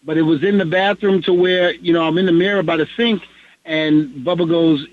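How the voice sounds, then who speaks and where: A middle-aged man tells a story on a podcast in an animated, chatty way and voices the people in it. His voice sits fairly high for a man, and the recording is dull and muffled. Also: a little fast, no echo. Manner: animated, acts out the dialogue in his stories. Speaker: podcast co-host. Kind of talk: casual storytelling.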